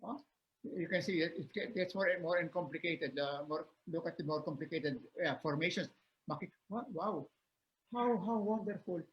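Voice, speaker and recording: Older filipino guy on a video call, kinda high voice, says each word again and again, chuckles a lot, muffled lo-fi sound. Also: moderate pace. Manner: explains words by repeating them, laughs often. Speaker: guest professor. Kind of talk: webinar talk.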